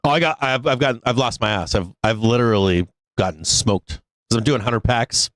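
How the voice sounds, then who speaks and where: A man's voice: medium pitch, fairly quick, fairly bright tone, no room sound. A man hosting a live trading stream, venting angrily and swearing about a lost trade. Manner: profane, angry and venting, with bursts of laughter. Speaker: livestream trading show host.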